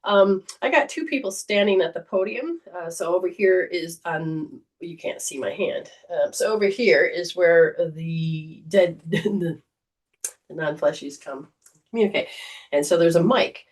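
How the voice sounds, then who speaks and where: A woman's voice: fairly low pitch, measured pace, recorded from a distance. A woman hosting a casual livestream as a psychic reader, talking in a chatty, rambling way. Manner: chatty, rambling, warm storytelling.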